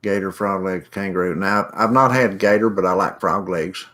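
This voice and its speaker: A man's voice: deep voice, steady tone, normal speed, a bit bright. A middle-aged man hosting a casual livestream, rambling in a folksy way and greeting viewers by name as he reads the chat.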